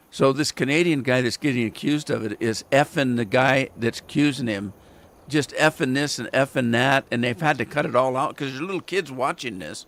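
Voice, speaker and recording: A man's voice: mid-range voice, animated, normal speed. A man hosting a game livestream, chatting casually and wandering off into rambling stories while he plays. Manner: rambling storyteller with restarts and chuckles. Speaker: gaming livestream host. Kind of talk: casual chat while playing.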